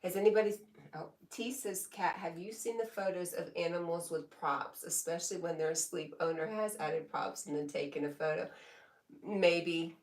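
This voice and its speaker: A woman casually chatting on a live stream, reading viewers' comments aloud in a relaxed way and laughing often. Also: lowish voice, moderate pace, distant mic. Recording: echoey room, voice a bit off mic.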